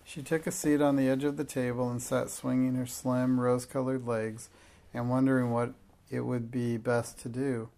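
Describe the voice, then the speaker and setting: A man narrates a classic children's story in a steady, measured way. His mid-pitched voice carries a clear gravelly grain throughout. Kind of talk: audiobook narration.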